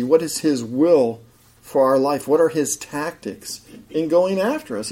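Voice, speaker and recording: A man preaching a sermon in an animated way, swinging between loud emphatic bursts and low, quiet asides. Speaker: pastor.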